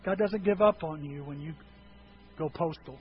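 Male pastor, animated sermon delivery, voice sits a bit high, muffled church recording. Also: moderate pace, slight background noise. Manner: animated, acts out quoted voices with sudden high yelps.

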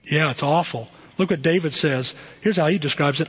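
A middle-aged man preaching a sermon as pastor, animated and conversational, often asking the congregation questions. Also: fairly high pitch, fairly quick, husky. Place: church sanctuary. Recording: dull, muffled sermon recording with long hall reverb.

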